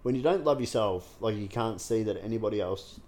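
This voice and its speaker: A man's voice: on the low side, fairly quick, a little mellow. A man in a candid interview, telling his own story frankly, swearing freely and filling his talk with ums and restarts. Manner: frank and unguarded, heavy swearing, many fillers and restarts. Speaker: guest sharing his recovery story.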